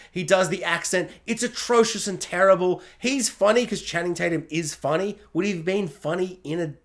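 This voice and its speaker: Guy doing a movie review, excitable, jokey, acts out reactions, higher-pitched voice. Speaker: film reviewer. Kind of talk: casual spoiler review to camera.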